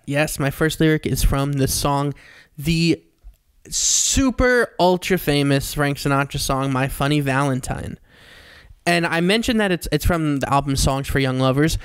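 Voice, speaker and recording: A man co-hosting a comedy podcast in casual chat, animated and quick to jump into high comic voices. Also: clean tone, dry recording, clean studio sound. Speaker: podcast co-host.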